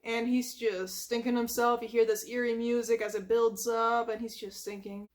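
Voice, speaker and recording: A woman's voice: fairly high pitch, steady tone, a little slow, a little mellow. A woman retelling a cartoon episode from memory in a chatty ASMR style, full of asides. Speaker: ASMR storyteller.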